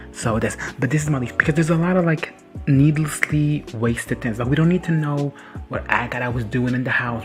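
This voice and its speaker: A man casually recapping and reacting to a TV episode, rambling and sassy, swearing freely and laughing often. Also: mid-range voice. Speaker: reaction video host.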